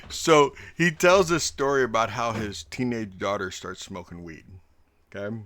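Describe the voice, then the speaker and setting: A man's voice: lowish voice, normal speed, a bit bright, dry recording. A man, the game master, rambling through a story at the table and checking in with "okay?" a lot. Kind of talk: casual table chat.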